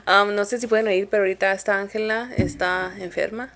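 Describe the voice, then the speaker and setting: A woman's voice: medium pitch, fairly even intonation, quick pace, fairly bright tone. Tired young woman, casual and profane. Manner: swears casually, mixes Spanish and English. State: tired, low energy. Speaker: podcast co-host. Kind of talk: casual chat.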